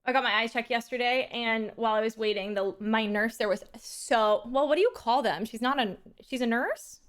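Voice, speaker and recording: A woman's voice: on the high side, normal speed. Chatty young woman streamer, rambling stories. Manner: chatty, animated storytelling with lots of fillers. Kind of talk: casual chat to stream while gaming.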